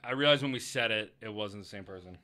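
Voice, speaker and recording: An American man co-hosting a podcast, trading quick jokey banter. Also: fairly low pitch, sharp tone. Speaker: podcast co-host. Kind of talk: casual chat.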